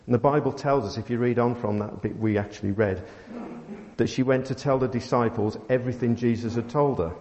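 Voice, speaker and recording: A man preaching a sermon, telling a family story with many pauses and fillers. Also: mid-range voice, a little mellow. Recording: dull sound in a long-reverb hall.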